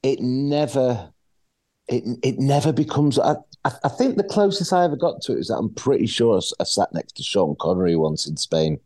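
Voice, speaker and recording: A man's voice: mid-range voice, brisk, no echo, rough recording. A man, a podcast guest telling stories in a blunt, jokey way. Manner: animated storyteller, blunt and jokey. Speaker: actor guest. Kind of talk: casual podcast chat.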